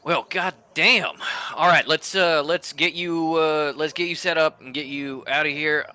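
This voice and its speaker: A man's voice: on the high side, fairly even intonation, a little slow, bright, forceful tone, smooth, pitched above the performer's own voice. A man voicing a brash, motherly older woman who leads a mercenary crew, with a folksy drawl. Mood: gruff.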